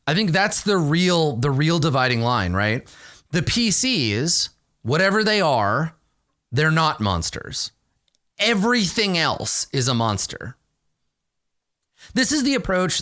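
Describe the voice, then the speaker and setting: Animated man explaining game mastering. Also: fairly high pitch. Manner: animated, ends points with "right?". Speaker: game master advice host. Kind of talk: casual explanatory talk.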